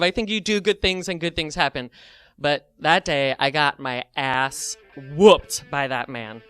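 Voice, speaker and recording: Man, comic storyteller, animated, lots of fillers, acts out his thoughts, dry close sound. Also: a little high, moderate pace, smooth, dry recording, faint music behind.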